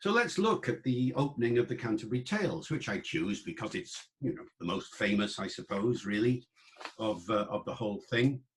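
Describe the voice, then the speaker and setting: A male lecturer giving an online talk, explaining patiently and sounding out words slowly to demonstrate them. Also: fairly low pitch, very animated. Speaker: lecturer on the English language.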